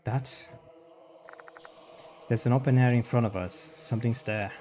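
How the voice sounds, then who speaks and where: Male streamer, mid pitch, plain read-through of game text with quick asides. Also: steady tone, a little mellow, slight background noise. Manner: reads dialogue and narration plainly, breaking off for quick reactions. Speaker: streamer playing a horror visual novel. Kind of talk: reading game text aloud with commentary.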